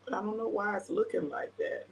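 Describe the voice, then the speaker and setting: A woman's voice: mid-range voice, brisk, creaky, slight background noise. A woman hosting a casual livestream, chatty and emotional, greeting viewers by name. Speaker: prophetic minister hosting a livestream.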